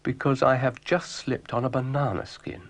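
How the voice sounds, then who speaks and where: A man's voice: mid-range voice, level tone, moderate pace, pitched above the performer's own voice, close to an everyday voice. A man voicing a grumpy, sardonic male dog who grumbles dry, weary quips.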